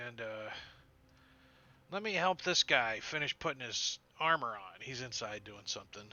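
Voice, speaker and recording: A man running a tabletop game as game master, acting out sound effects and shouted lines. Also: medium pitch, unhurried, dry recording, dull audio.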